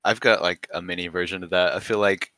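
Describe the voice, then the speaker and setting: A man in his twenties with a very low voice and a bright, forward tone, rambling fast in casual podcast chat. He fills his sentences with "like". The sound is dry. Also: steady tone, no room sound. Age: 20s. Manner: rambling, heavy use of "like". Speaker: podcast guest.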